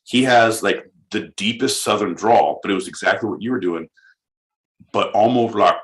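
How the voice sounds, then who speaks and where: A Californian man co-hosting a podcast, talking in a rambling, excitable way with lots of restarts and swearing. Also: on the low side, measured pace, low-quality recording. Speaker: podcast co-host. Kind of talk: casual chat.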